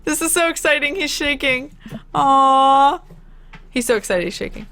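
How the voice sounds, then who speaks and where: A woman streamer giving casual let's-play commentary, excitable and gushing, quick to laugh and squeal over what happens on screen. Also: high voice, slight background noise. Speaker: gaming streamer.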